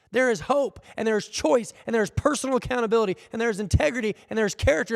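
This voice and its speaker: A man preaching a sermon as pastor, animated, acting out the people he quotes. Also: very high voice, creaky, no echo, studio quality, big-room sound. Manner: animated, acts out quoted voices. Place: church hall.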